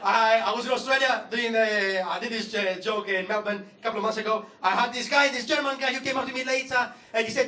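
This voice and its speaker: A young Greek-accented man doing stand-up, his voice pitched high for a man, heard in a roomy club from some distance off. He talks with sardonic, profane mock outrage. An audience hum sits behind him. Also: a little fast, hardly any pauses, pushed and bright. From Greece. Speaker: stand-up comedian. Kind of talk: stand-up comedy set. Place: comedy club stage. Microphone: stage microphone. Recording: roomy club sound from the audience, with crowd laughter. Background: audience ambience and laughter.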